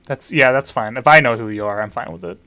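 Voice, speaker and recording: A man's voice: mid-range voice, quick pace, sharp tone, clear, resonant tone, dry recording, faint music behind. A man, a teacher hosting a party game stream for students, chatting casually with dry offhand asides as he sets up rounds. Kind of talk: casual livestream chat.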